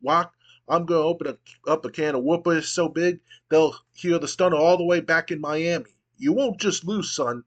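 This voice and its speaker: A brash, trash-talking wrestler voiced by a man barks cocky threats, pitched a touch above his usual voice. The delivery is loud and swaggering, like a wrestling promo impression. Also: moderate pace. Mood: threatening. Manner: cocky, shouting insults and threats.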